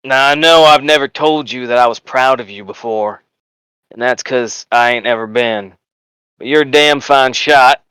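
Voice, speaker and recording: A man voicing a gruff, blunt male army sergeant who talks with a boastful, bullying swagger. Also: mid-range voice, moderate pace, bright, forceful tone, dry recording, close to an everyday voice, poor audio.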